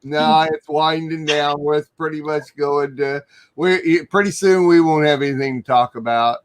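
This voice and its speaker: A man hosting a talk show in a slow, easygoing, joking way. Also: fairly high pitch, steady tone, clean tone, rough recording. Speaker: show host. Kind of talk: casual talk show chat.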